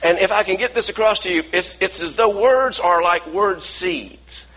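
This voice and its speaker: A man's voice: high-pitched, moderate pace, a bit bright, dull audio. A man preaching a sermon earnestly, often restarting phrases and asking the congregation to repeat lines after him.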